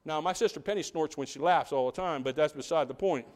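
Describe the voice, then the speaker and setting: A man preaching a sermon as pastor, animated, asking the congregation rhetorical questions and dropping into quiet asides. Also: a little high, quick pace.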